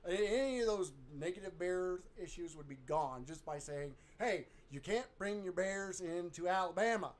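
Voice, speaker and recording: A man's voice: sits high, expressive, moderate pace, few pauses. A man co-hosting a casual chat show, making dry joking asides. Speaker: podcast co-host.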